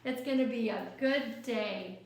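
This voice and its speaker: High soft-spoken woman reading a kids picture book, slow and gentle, asks lots of questions, super echoey room. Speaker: storyteller.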